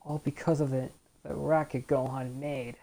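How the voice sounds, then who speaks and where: A woman's voice: very deep voice, little pitch movement, normal speed, gravelly, mellow. A woman hosting a let's play, giving chatty, rambling commentary and retelling scenes from the show. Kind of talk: casual gameplay commentary.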